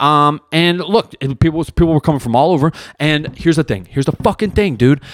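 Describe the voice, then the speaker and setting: A man, hosting a podcast and telling a story in a profane, animated way, with lots of "right?" and "dude". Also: fairly high pitch, no room sound, clean studio sound. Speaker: podcast host; jiu-jitsu competitor. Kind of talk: casual monologue.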